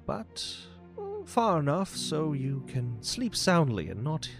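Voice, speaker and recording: A man voicing a kindly, weathered old butler who speaks with gentle, formal courtesy over background music. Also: fairly high pitch, wildly swooping pitch, slow pace, voice pushed up, heavily acted.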